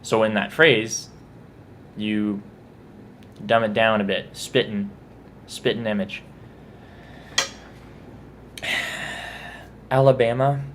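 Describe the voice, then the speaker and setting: A man's voice: lowish voice, slow, pauses often, fairly bright tone, a little hiss or hum. A man with a Texan accent, casually musing about his own pronunciation in a vlog. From Texas. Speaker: vlogger.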